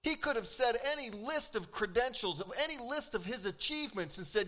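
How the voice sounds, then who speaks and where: High, bright-voiced man preaching. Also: a little fast. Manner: animated, emphatic preaching with dramatic quoted lines. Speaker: pastor. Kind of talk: sermon.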